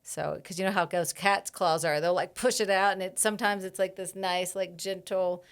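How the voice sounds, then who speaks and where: A woman herbalist in a casual podcast interview, reflective, pausing often with fillers and laughing easily. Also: on the low side, steady tone, clean tone. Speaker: herbalist guest.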